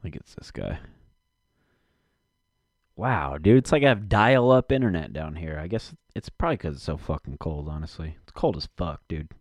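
A man's voice: deep voice, expressive, moderate pace, dry recording, studio quality. A man rambling casually to himself and his audience from his basement, cursing often and muttering while he searches for something.

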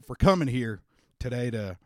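Man playing a dad turned stump speaker, folksy and rousing, lifted pitch and volume, dry close mic. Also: animated, normal speed, no echo, close to an everyday voice. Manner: folksy stump-speech oratory, crowd-rousing. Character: folksy rousing Texan father and politician, middle-aged man.

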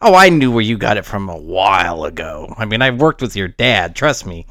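Man, podcast co-host, casual chat, laid-back, chuckles, lively pitch, dry close sound. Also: normal speed, no echo.

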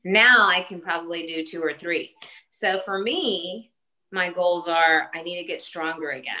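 Bright-voiced woman in her forties, chatty. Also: fairly low pitch, measured pace, poor audio. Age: 40s. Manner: earnest, talks in short restarting phrases with fillers. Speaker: fitness trainer and competitor. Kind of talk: casual podcast interview.

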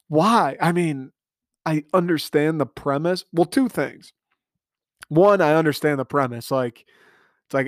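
A man's voice: mid-range voice, fairly even intonation, unhurried, clean tone, dry recording, studio quality. A man hosting a casual solo podcast, ranting in a profane, exasperated way from his family room at home. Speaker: podcast host.

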